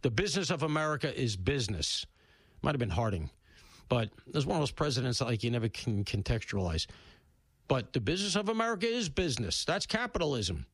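A man hosting a talk radio show, talking bluntly and casually, with loud emphatic bursts and low asides. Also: big pitch swings, fairly quick, slightly rough, dry recording. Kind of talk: opinionated talk radio monologue. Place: radio studio.

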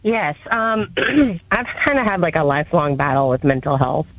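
A woman's voice: low voice, normal speed, narrow, tinny audio. A woman in her thirties calling a radio show with a question, hesitant and emotional, with many fillers. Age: 30s. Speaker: caller.

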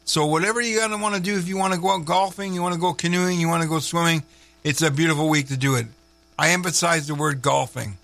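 A man's voice: fairly high pitch, creaky, a bit bright. A man hosting a morning radio show, chatting casually with rambling, offhand asides into a studio mic. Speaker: radio host.

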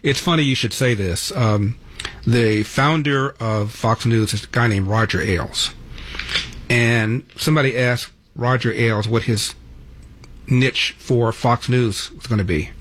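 A man's voice: mid-range voice, measured pace, a bit bright. A man in his seventies hosting a radio call-in show, telling stories in a chatty, conversational way. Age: 70s. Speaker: radio talk show host.

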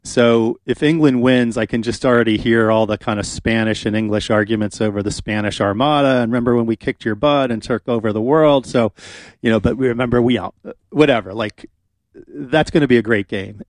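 A man's voice: medium pitch, a little fast, no room sound. Man, radio host, casual chat, filler-heavy rambling, dry studio. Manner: chatty, rambling, many fillers. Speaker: radio talk show host.

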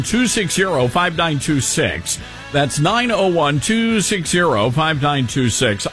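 A man hosting a radio talk show, his voice somewhat high and slightly husky. He swings his pitch widely as he comments, dropping in sarcastic, mocking asides. The studio sound is dry and close. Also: fairly bright tone, no room sound.

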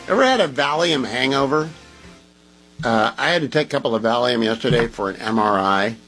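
A man's voice: medium pitch, expressive, brisk, fairly bright tone, soft background music, poor audio. A man hosting a talk radio show, talking in an opinionated, emphatic, conversational way. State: groggy from medication.

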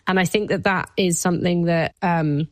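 A woman's voice: fairly low pitch, fairly even intonation, normal speed, no room sound. A woman, a guest speaking openly and emotionally, with plenty of "like" fillers. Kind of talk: candid personal conversation.

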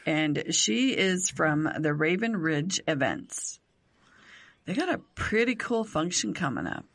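A woman's voice: deep voice, sing-song, unhurried, vocal fry, fairly bright tone. Bold teasing woman radio host. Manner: bold, teasing, swears casually. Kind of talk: casual radio chat. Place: radio studio.

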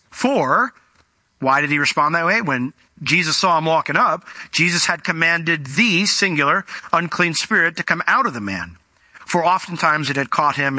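A male preacher giving an animated expository sermon, explaining what words mean and asking rhetorical questions. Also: a little high, no echo.

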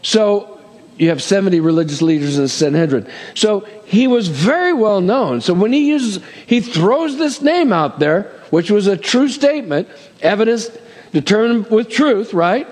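A man's voice: high-pitched, very animated, normal speed, a little mellow, big-room sound. A man preaching a sermon as pastor, talking conversationally with asides and checking in with "amen?".

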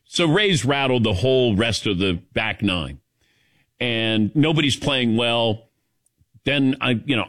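Animated man rambling on talk radio. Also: on the low side. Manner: rambling, animated, many fillers. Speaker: radio show host. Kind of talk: casual talk radio storytelling.

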